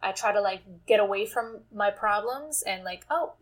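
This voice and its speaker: A woman's voice: mid-range voice, normal speed. A woman in casual conversation who talks bluntly and frankly and swears casually. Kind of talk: casual chat.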